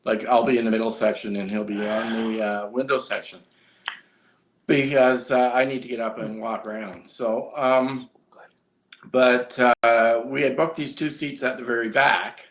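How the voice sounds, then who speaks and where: A man's voice: mid-range voice, steady tone, normal speed, a bit bright. A man co-hosting a casual live-stream chat, telling long rambling stories with fillers and restarts. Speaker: co-host.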